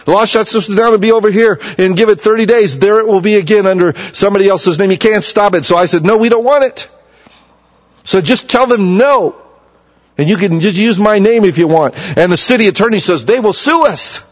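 A middle-aged man preaching with a fairly high voice, telling stories in a folksy way. He drops low and quiet, then rises loud and emphatic. The recording sounds dull and lo-fi. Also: fairly quick. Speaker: pastor. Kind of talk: sermon.

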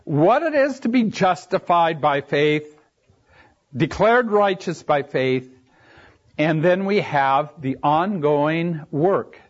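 A man preaching a Bible sermon as a teacher, with animated rises and drops in pitch and slow, emphatic delivery. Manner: slow, emphatic delivery with brief asides and restarts. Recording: dull lo-fi recording.

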